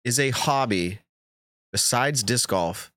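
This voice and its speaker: A man's voice: medium pitch, expressive, slow, bright, forceful tone, dry recording, clean studio sound. A man hosting a casual show, asking questions and rambling jokily. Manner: chatty, rambling, jokey. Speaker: podcast host. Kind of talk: casual interview chat.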